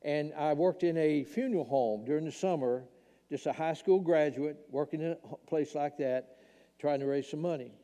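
Older man, very dark voice. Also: on the high side, moderate pace. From Tennessee, US. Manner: earnest, emotional storytelling. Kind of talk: personal testimony in a church talk. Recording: long hall reverb.

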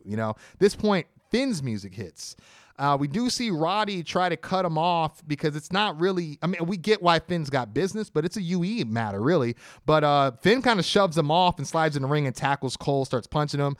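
Higher-voiced man recapping wrestling. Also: fairly quick, no room sound, clean studio sound. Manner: animated storytelling play-by-play, acting out quotes. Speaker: podcast co-host.

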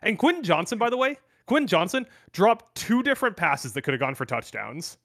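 Bright, forward male co-host, quick teasing banter, dry recording. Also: high voice, big pitch swings, dry recording. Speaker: podcast co-host. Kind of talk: casual sports chat.

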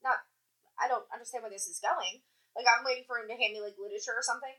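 A woman's voice: on the high side, rapid-fire, poor audio. A woman casually telling a story about her job in a toll booth, swearing freely and acting out what people said. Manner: animated, profane, acts out quotes.

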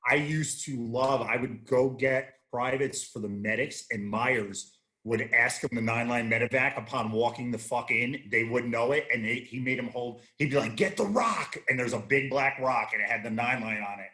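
A man's voice: mid-range voice, steady tone, moderate pace, sharp tone. A man in his thirties, a guest on a casual chat show, telling rambling, profane stories with many restarts. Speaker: podcast guest, army veteran.

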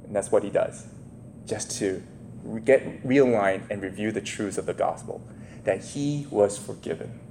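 A man preaching a sermon, telling a parable with lively asides and acted-out voices. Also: on the low side, a little slow, slight background noise. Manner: animated, lively storytelling with asides and laughs.

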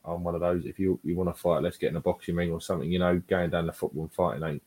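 A man with a very deep voice co-hosts a casual fan chat. He talks in a laid-back, blunt manner and leans on fillers as he thinks aloud. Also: fairly even intonation, very fast, a little mellow. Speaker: podcast co-host.

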